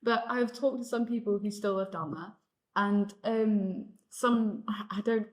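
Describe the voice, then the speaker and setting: A woman's voice: medium pitch, a little slow. A young woman from the South of England, a guest in a casual discussion, talking hesitantly with many fillers.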